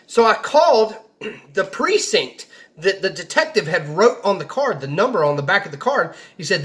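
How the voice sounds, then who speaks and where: Young guy with a high voice, rambling through a story, lots of restarts. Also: very animated, brisk, fairly bright tone. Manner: rambling, restarts, quotes people in his own voice. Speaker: vlogger telling a story. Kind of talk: casual storytelling.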